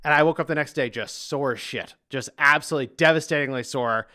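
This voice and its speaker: A man's voice: fairly high pitch, fast talker, sharp tone. A man hosting a podcast, chatting casually and telling a playful story with lots of laughter. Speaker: podcast host. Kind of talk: casual chat.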